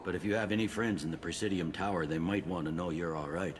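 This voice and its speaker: A man gives voice to a pragmatic police captain in a video game, his voice deep and low. He talks gruffly and matter-of-factly, with no patience for paperwork. Steady noise sits under the game audio. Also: fast, close to an everyday voice. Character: blunt male station police captain, pragmatic.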